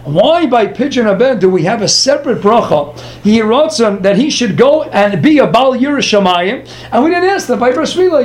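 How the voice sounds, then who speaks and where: A man's voice: extremely high pitch, slight background noise. A man teaching a Talmud lesson, firing off rhetorical questions and answering them himself. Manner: animated, rhetorical questions, quick asides. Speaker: Torah teacher. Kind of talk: Talmud lecture.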